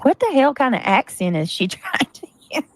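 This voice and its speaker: A woman's voice: high-pitched, big pitch swings, normal speed. A woman with a Southern US accent, ranting on her livestream in a mocking, scornful tone. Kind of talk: casual stream rant.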